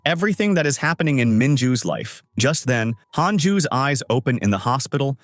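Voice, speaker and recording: A man narrating a drama recap in a steady scripted storytelling manner, close to the mic. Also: medium pitch, fairly quick, no echo. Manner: steady storytelling with connective phrases.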